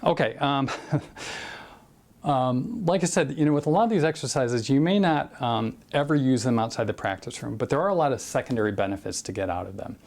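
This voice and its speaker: A man explains drum rudiments in a relaxed, easygoing way, full of fillers as he counts beats out loud. His voice sits at a middling pitch with a gravelly edge. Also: a little fast. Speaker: drum instructor. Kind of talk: casual drum lesson with counting.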